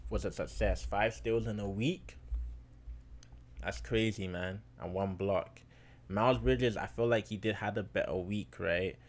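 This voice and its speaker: Slangy, chatty young-sounding man. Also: fairly low pitch. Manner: chatty, slangy, addresses viewers as bro and guys; gets loud and excited recounting close wins. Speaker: fantasy basketball vlogger. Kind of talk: casual chat to viewers.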